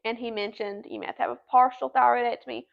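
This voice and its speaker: A woman's voice: on the high side, steady tone, fast talker, gravelly, lo-fi sound. A woman, telling her personal story to a host in an earnest, chatty way. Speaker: guest.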